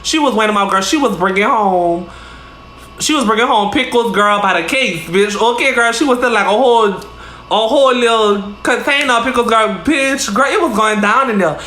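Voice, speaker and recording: A woman's voice: a little high, normal speed, a bit bright. A woman vlogger telling a casual story in a chatty, profane way, calling the listener girl again and again. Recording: roomy echo.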